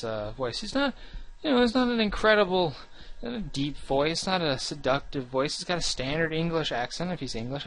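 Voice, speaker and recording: Talking to camera about his gaming channel, a young man rambles in a fairly bright, medium-pitched voice. He's earnest and self-deprecating, frequently starting his sentences over.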